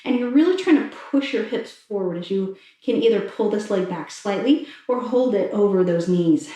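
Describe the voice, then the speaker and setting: A woman fitness instructor calmly talking listeners through a stretching cool-down while doing it herself. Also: medium pitch, normal speed. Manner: calm, encouraging cues while demonstrating stretches. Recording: very echoey room, mic far off.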